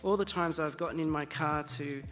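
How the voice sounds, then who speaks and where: Man, middle-aged, high for a man, nervous, self-deprecating, loud guitar behind. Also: normal speed, long reverb tail. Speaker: singer-songwriter. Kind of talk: stage patter between songs.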